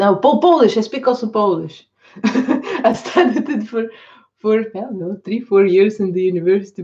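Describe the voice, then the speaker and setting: Chatty doll artist on a live stream. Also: female voice, mid-range voice, mellow. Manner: chatty, laughing, non-native phrasing. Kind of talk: casual live-stream chat. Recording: dull lo-fi stream audio.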